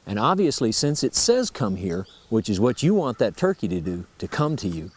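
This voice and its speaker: A man's voice: medium pitch, big pitch swings, brisk. A man teaching turkey calls, explaining each sound step by step in a folksy, plain-spoken way. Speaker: turkey-calling instructor. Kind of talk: instructional explanation.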